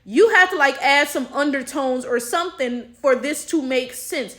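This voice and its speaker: A woman's voice: high voice, normal speed, bright, forceful tone. A woman with an African American accent giving blunt, exasperated commentary and swearing freely. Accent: African American English. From United States. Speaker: commentary vlogger. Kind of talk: opinion commentary.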